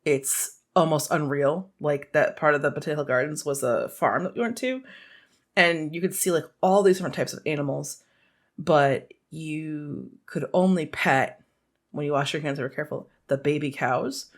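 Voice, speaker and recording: A woman co-hosting a podcast, chatting casually and telling animated stories with quoted voices and frequent laughter. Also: low-pitched, normal speed. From United States. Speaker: podcast co-host. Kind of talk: casual chat.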